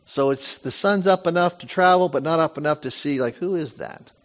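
A middle-aged man preaching a sermon, reading scripture aloud and breaking off into lively asides and family stories. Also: a little high, brisk. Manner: animated storytelling, reads scripture with lively asides. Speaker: pastor.

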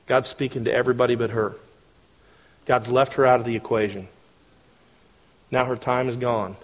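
A man preaching a sermon in a conversational, animated way, often asking the congregation questions. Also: mid-range voice, moderate pace. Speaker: pastor.

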